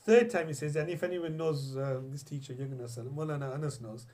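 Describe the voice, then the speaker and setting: A man's voice: fairly high pitch, brisk, a little mellow. A young man from England teaching a religious class, storytelling in a chatty way with many restarts and recited Arabic phrases. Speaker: Islamic teacher. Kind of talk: classroom lesson on hadith.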